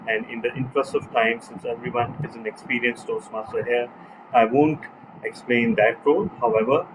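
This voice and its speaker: A man hosting a club meeting as toastmaster of the day, measured and pausing with frequent fillers. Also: medium pitch. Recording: noisy line with hum behind.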